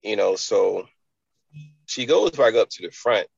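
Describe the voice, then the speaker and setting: Low gravelly man telling a story. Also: animated, a little slow, no echo, highs cut off. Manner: loose, rambling, many "you know" fillers. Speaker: health and fitness entrepreneur. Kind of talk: casual interview storytelling.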